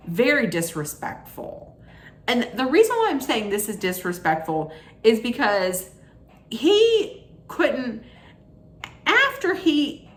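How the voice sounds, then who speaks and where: A woman's voice: fairly high pitch, roomy sound. A woman hosting a reality TV recap, giving blunt, judgmental commentary in an opinionated rant.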